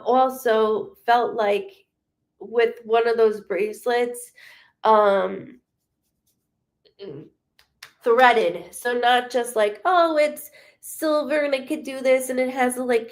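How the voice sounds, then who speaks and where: A woman with a fairly high voice gives a psychic reading on a live stream. Her speech is halting and rambling, full of restarts and fillers. She is emotional and blunt, and she swears freely. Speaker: psychic medium.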